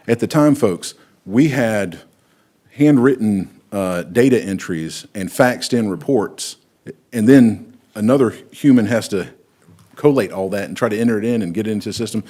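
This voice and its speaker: A man, chairing a county council meeting and explaining things in a measured way. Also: on the low side, a little mellow.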